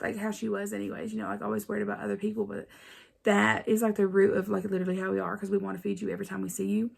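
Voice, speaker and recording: A woman's voice: mid-range voice, creaky, a little mellow, husky. A woman with an Appalachian accent telling family stories to her channel viewers in a chatty, rambling way. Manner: rambling, chatty, many fillers. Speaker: vlogger. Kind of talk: casual storytelling to camera.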